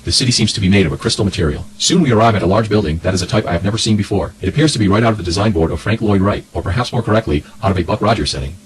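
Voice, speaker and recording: A man reading an expedition diary as scripted narration, brisk and matter-of-fact. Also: lowish voice, husky, low-quality recording.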